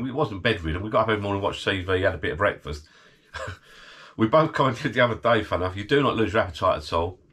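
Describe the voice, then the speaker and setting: A man's voice: low-pitched, a bit bright, husky. A middle-aged man recovering from illness, chatting casually to his channel from his garden bar shed, rambling and laughing often. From United Kingdom. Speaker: channel host. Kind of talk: casual vlog chat.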